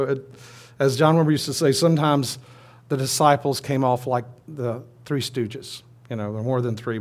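Male preacher, informal storytelling sermon, mid-pitched voice, chatty asides. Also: a little mellow.

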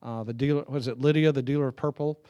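A man's voice: medium pitch, steady tone, fast talker, warm tone, highs cut off. A middle-aged man preaching a sermon, telling stories in a loose, conversational way with chuckles and restarts. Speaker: pastor.

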